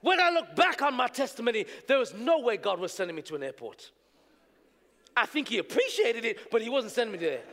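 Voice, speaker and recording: Preacher guy giving his testimony, high voice, big echoey hall, switches from quiet to shouting. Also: fairly quick. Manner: animated storytelling, shifts between hushed and shouting. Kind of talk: sermon testimony.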